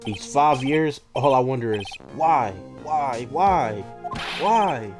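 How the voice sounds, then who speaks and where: A man's voice: medium pitch, animated, slow. A man voicing a brooding young male convict who talks in clipped, broken English, over game music.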